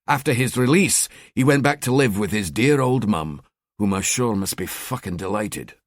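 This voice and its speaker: A man's voice: on the low side, animated, moderate pace, dry recording, studio quality. A man voicing a cheeky, sardonic male police detective in an audiobook. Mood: wry. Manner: wry, chatty.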